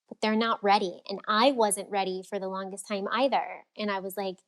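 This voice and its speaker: A woman coach chatting as a podcast guest, mid-pitched and expressive. She talks with energy and slips into little acted voices when she quotes people. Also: fairly quick. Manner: animated, acts out quoted voices. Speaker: freedom and fulfillment coach, guest. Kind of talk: casual podcast interview.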